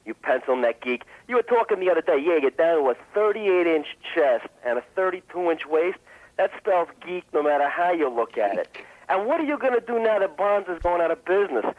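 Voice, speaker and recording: A man's voice: on the high side, sing-song, a little fast. A man calling a radio show and delivering a sarcastic, scornful rant. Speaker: caller. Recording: tinny phone line.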